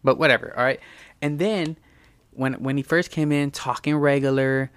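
A man spins a loose, rambling story in a casual, slang-heavy way, swearing freely as he goes. His voice comes through smooth and clear. The recording is dry, with no room sound behind it. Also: medium pitch, steady tone, moderate pace, a bit bright, no room sound.

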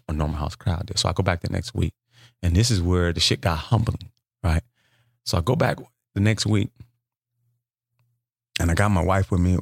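A man telling a profane story in a loose, animated way, jumping up in pitch to act out the people in it. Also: creaky, no echo, clean studio sound. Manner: animated, profane, acts out quotes with big pitch jumps. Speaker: comedian telling a story as a podcast guest. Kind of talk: casual storytelling.

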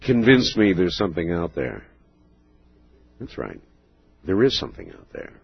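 A man hosting a late-night call-in radio show, speaking in a measured way as he takes calls. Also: low voice, huge pitch swings, creaky, husky, no room sound. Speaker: radio talk show host. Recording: muffled radio broadcast.

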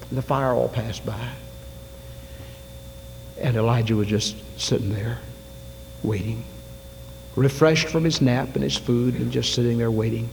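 A man preaching a sermon in a church, telling a story with acted-out voices that swing from shouts to whispers. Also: medium pitch, expressive, normal speed, gravelly. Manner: dramatic storytelling, acts out quotes, rising to shouts then dropping to whispers. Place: church sanctuary. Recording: long hall reverb, faint hum.

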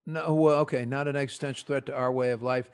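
A man with a New Jersey accent hosting a podcast panel, animated and joking as he prods his guests with quick questions. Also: medium pitch, clean tone. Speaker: podcast host. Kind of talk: casual panel discussion.

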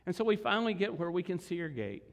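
A man's voice: high voice, sing-song, quick pace, gravelly. A man, preaching and telling a story conversationally to his congregation. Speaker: pastor. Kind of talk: sermon storytelling. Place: large church hall. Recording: long hall reverb.

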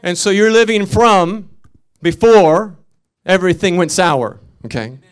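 A man's voice: sits high, unhurried, clean tone. A middle-aged man preaching a fervent sermon as pastor, telling stories between declarations.

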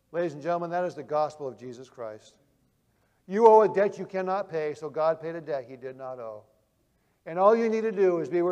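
A male preacher telling vivid illustrations, swinging from loud emphasis to hushed quiet. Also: fairly high pitch, big-room sound. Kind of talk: sermon.

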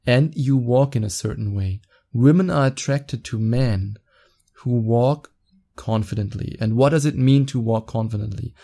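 Gravelly, dark-voiced man hosting a podcast. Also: medium pitch. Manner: excitable, talks fast and quick to laugh. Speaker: podcast host. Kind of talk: casual solo podcast advice.

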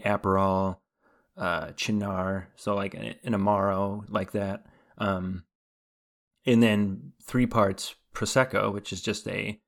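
A man's voice: fairly low pitch, vocal fry. A man co-hosting a podcast, talking casually and rambling with many fillers and restarts. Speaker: podcast co-host. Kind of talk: casual chat.

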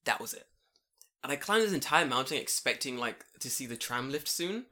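A young man telling a story in casual podcast chat, animated, swearing and laughing. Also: medium pitch, a little fast.

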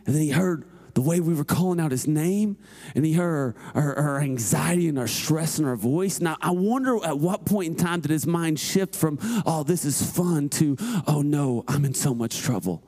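A male pastor in his thirties with a notably high voice tells a sermon story. He is animated, sinking into quiet asides and then climbing into loud, shouted emphasis.

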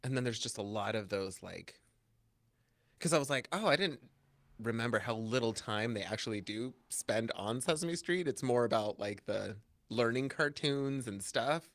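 A man chatting casually on a podcast, telling a story in an animated way, acting out quotes in high voices and laughing often. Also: normal speed, no echo. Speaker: podcast co-host. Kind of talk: casual chat.

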